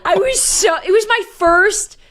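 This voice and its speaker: A woman in her thirties hosting a podcast, telling a story in a lively, animated way and laughing often. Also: very high-pitched, measured pace, a little hiss or hum. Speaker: podcast host. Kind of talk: casual chat.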